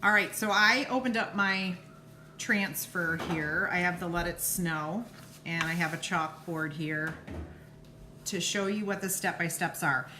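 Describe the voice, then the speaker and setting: A woman teaching a live craft tutorial, unscripted and halting, thinking aloud as she sets up and demonstrates. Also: on the low side. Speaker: craft instructor. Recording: noisy live stream with clicking.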